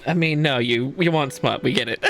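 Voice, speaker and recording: A woman streaming a dating game, giggling often, lively, and swearing casually as she reacts. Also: low-pitched. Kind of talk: gaming stream commentary.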